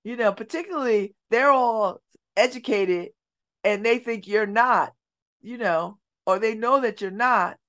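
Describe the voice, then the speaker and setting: A middle-aged woman hosting a community radio show, telling stories in an animated way and dropping her voice low and soft for emphasis. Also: a little slow. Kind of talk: casual talk radio monologue. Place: radio studio.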